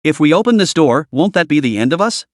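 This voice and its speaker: A man voicing a mocking young male live-stream viewer in a web novel reading, with a scoffing, drawn-out delivery. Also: on the high side, big pitch swings, dry recording, clean studio sound.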